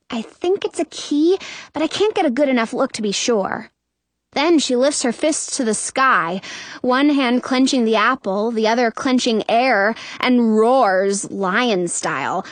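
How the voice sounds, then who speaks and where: A woman narrating a children's story in the first person, with a lively, sassy young narrator's voice. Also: on the high side, no echo. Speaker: audiobook narrator.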